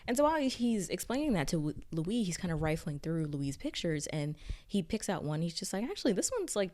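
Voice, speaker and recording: Low-voiced chatty woman recapping a show. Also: lively intonation, fairly quick, darkish tone. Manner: chatty, rambling, full of "like" fillers. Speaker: TV recap reviewer. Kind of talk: casual recap review.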